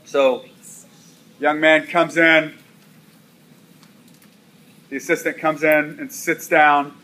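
Bright-voiced man preaching with emphatic repetition. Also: a little high, level tone, takes it slowly. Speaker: pastor. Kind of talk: sermon.

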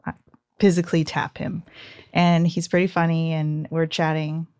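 A woman telling a personal story in casual chat, animated and full of "like"s. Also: deep voice, moderate pace, clean tone, dry recording, clean studio sound. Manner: animated, breathless storytelling with many "like"s.

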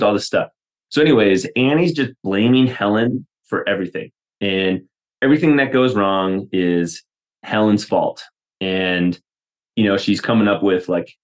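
A man hosting a solo podcast, talking casually and rambling with many fillers and restarts. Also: fairly low pitch. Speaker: podcast host.

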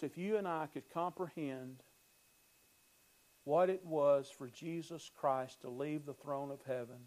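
A man's voice: on the high side, warm tone, poor audio. A male pastor preaching a sermon, emphatic, repeating phrases and building emphasis.

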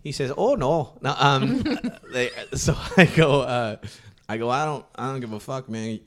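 A man from South Sacramento telling a long story in casual, profane chat, laughing often and acting out what he said. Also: lowish voice. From South Sacramento, California. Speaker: podcast guest telling a story.

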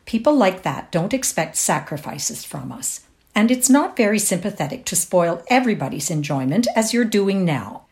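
A woman's voice: fairly low pitch, very animated, moderate pace, darkish tone. A woman reading the lines of a poised, amused society mother in a short story, drawn out and indulgent. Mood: cool.

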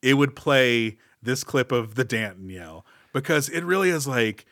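A man co-hosting a podcast, retelling movie scenes in a sarcastic, animated way. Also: medium pitch, unhurried, hardly any pauses, dry recording, clean studio sound. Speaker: podcast co-host. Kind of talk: casual comedic movie chat.

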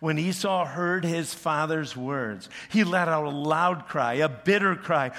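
A male pastor preaching a sermon, retelling a story with animated delivery and humorous asides. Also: fairly high pitch, measured pace. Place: church.

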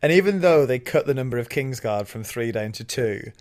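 A man on a podcast recapping TV scenes in casual chat, excited and quick to laugh. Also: mid-range voice. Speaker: podcast co-host. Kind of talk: casual chat reviewing a TV episode.

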